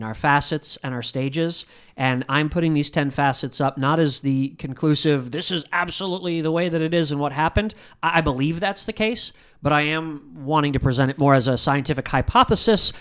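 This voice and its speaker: A man talks in a relaxed podcast chat. His voice is smooth and resonant, mid-pitched. He works through his ideas carefully, often pausing with fillers. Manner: thoughtful, hedging, with frequent fillers. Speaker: podcast host. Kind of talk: casual conversational discussion.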